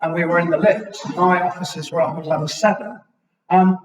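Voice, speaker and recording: A British man in his sixties giving a reflective public talk at a local history evening, halting now and then with ums. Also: on the high side, fairly even intonation. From Britain. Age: 60s. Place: chapel hall. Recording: echoey chapel, mic at a distance.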